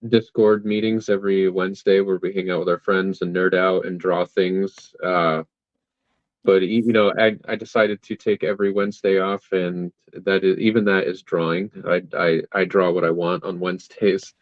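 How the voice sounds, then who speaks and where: A man's voice: low voice, little pitch movement, normal speed, dry recording, highs cut off. A man, a comic creator guest, chatting casually and hesitantly, often restarting his sentences. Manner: hesitant, many fillers and restarts. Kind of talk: casual interview chat.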